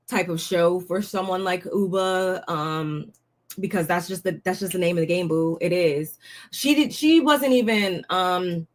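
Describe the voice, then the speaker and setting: A young woman giving a casual, blunt recap of a reality show, talking in slang and often sounding fed up. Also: lowish voice. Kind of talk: casual commentary.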